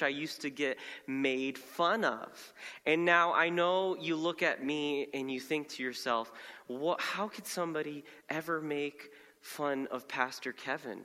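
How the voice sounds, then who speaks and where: Young guy pastor preaching, bright forceful voice, funny storytelling, big echoey church. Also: fairly high pitch, smooth. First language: Spanish. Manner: humorous, animated storytelling. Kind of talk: sermon with personal story. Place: church sanctuary.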